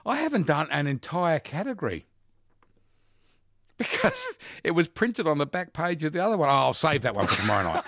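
Animated radio host, lively pitch. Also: male voice, brisk, no echo. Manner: animated, chatty, laughs often. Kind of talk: casual radio quiz chat.

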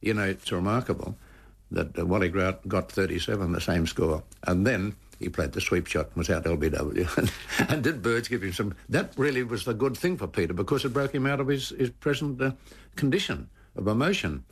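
Gravelly older Australian man telling stories. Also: fairly low pitch, lively intonation, brisk. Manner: emotive, repeats words when stressed. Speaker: former cricketer. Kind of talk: anecdotal storytelling.

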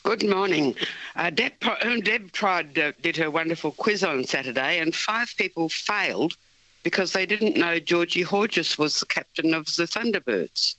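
A woman calling in to talkback radio, brisk and emphatic. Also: lowish voice, animated, sharp tone, no room sound, poor audio. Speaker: caller.

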